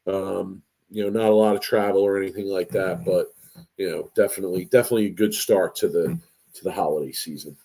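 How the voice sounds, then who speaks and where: A man's voice: low voice, steady tone, fairly quick, gravelly, dark tone, slightly rough. A man co-hosting a bowling podcast in casual chat, with boastful, playful trash talk. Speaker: podcast co-host.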